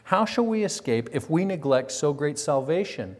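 A man's voice: a little high, very animated, moderate pace, a little mellow. A man preaching a sermon, telling a story with acted quotes and rhetorical questions. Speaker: pastor. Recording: long reverb of a large hall.

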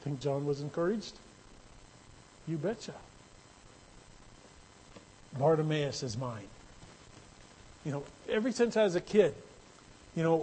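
Pastor, male, slow deliberate sermon delivery, slightly high voice, conversational with emphatic swells. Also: a little mellow, husky, rough recording. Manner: conversational, rising to emphatic bursts.

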